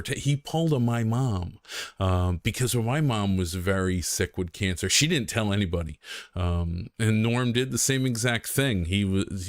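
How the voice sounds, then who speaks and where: A man's voice: lowish voice, no echo, clean studio sound. A young man chatting casually on a game stream, rambling and self-deprecating with lots of ums and restarts.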